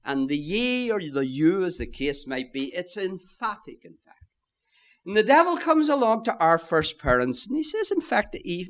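A man's voice: high voice, sing-song, normal speed, fairly bright tone. A man preaching a sermon, emphatic, repeating key phrases and addressing listeners as friends.

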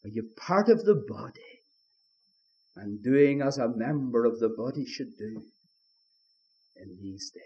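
A man's voice: medium pitch, expressive, unhurried, pauses often, mellow, lo-fi sound. A man preaching a sermon in a fervent old-style manner, appealing again and again to his listeners with rhetorical questions.

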